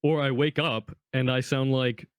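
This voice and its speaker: A young man co-hosting a podcast, chatting casually and cutting in with quick asides. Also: medium pitch, fairly even intonation, smooth, dry recording. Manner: quick interjections, laughing asides. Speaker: podcast co-host. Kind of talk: casual chat.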